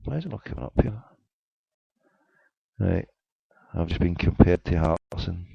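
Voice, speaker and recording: A man's voice: low voice, expressive, measured pace, creaky, breathy edge, no room sound. A man hosting a casual live internet radio show, joking in mock indignation while reading a chat. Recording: dry, dull lo-fi internet radio sound.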